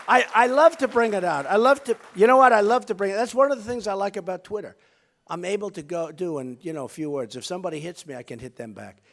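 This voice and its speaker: Fairly high-voiced male candidate, off-the-cuff rally speech, rambles, repeats himself, brags. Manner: rambling, repetitive, boastful. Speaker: political candidate. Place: rally stage.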